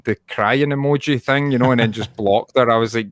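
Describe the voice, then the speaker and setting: A man's voice: mid-range voice, wildly swooping pitch, normal speed, fairly bright tone, dry recording, clean studio sound. A man co-hosting a podcast in casual chat, sweary and rambling, laughing often. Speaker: podcast co-host.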